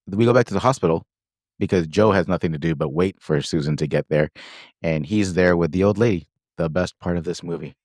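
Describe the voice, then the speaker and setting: Man, very low voice, casual podcast chat, rambling plot recap, dry close sound. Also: a little fast, darkish tone, no room sound. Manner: rambling, loose retelling with quoted lines and frequent fillers. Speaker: podcast co-host recapping a film.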